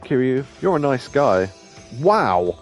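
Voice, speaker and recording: A man's voice: mid-range voice, slow pace, soft background music. Man chatting over a game. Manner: animated, swearing, thinking aloud. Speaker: let's play host. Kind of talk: casual gameplay commentary.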